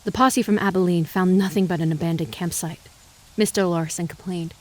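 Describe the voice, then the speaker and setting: A woman giving measured, dramatic audiobook narration of a western novel. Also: on the low side, steady tone, darkish tone. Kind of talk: scripted narration.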